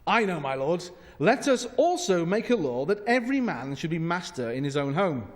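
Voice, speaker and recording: Fawning Glaswegian male courtier, put on by a preacher, high and loud, in a reverberant church. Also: big pitch swings, moderate pace. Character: scheming male royal advisor, fawning.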